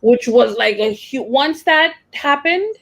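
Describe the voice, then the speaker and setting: A woman's voice: sits high, animated, slow, a bit bright, poor audio. Young woman teacher, candid and emotional, talks in loose restarts. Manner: emotional, rambling with many fillers and restarts. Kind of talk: casual personal account.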